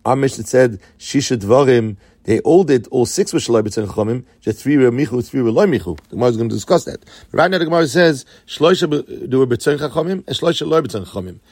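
A man's voice: medium pitch, animated, fast talker, a little mellow, husky, no echo, clean studio sound. A man teaching a Talmud lesson with an Ashkenazi yeshiva pronunciation, chanting the Aramaic text and then explaining it in English. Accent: Yeshivish Ashkenazi Hebrew pronunciation.

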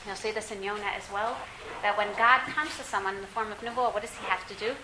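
A woman teaching a classroom Bible lesson, lively and questioning, often quizzing her students. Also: medium pitch, fast, reverberant, very noisy.

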